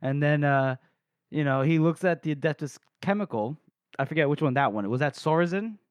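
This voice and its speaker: A male co-host chats casually and keeps jumping in to correct details. His voice sits slightly high, and the sound is dry and close. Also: a little fast, clean tone, no echo. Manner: interjecting, correcting, chatty. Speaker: podcast co-host. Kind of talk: casual book discussion.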